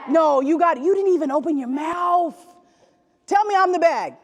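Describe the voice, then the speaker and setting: A woman giving a motivational talk to young basketball players, leading energetic call-and-response. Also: very high voice, moderate pace, a faint crowd, slight background noise. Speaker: youth basketball motivational speaker. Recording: echoey gym from a distance.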